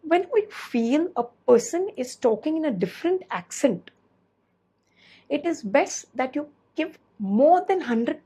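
Husky-voiced woman lecturing. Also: sits high, warm tone, low-quality recording. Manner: repetitive, asks rhetorical questions, self-corrects. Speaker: teacher. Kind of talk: classroom lecture.

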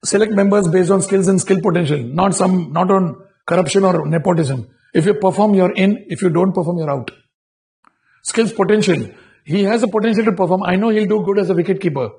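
A man's voice: high voice, fairly quick, creaky, darkish tone. A male corporate trainer, giving a training lecture full of rhetorical questions and restarts.

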